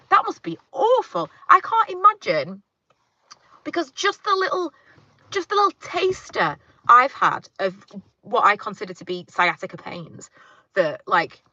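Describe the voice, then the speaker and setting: Streaming live from her parked car, a woman rambles in casual chat, full of fillers, as she reads out viewer comments. Her voice sits on the low side, pushed and bright, and the recording sounds muffled.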